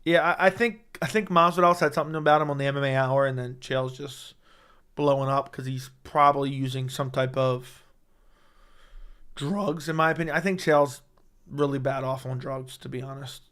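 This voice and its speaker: A young man hosting a casual fight-talk livestream, excitable and rambling, swearing often, with a voice he says is going hoarse. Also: medium pitch, normal speed. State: losing his voice. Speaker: MMA livestream host. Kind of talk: casual livestream chat reading chat.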